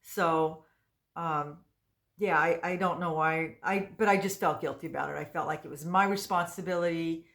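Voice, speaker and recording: A woman in her sixties chats straight to her viewers, rambling and circling back with restarts and fillers. Her voice sits a little low for a woman. She sounds relaxed and conversational. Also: moderate pace. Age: 60s. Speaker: vlogger. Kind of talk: casual chat to camera.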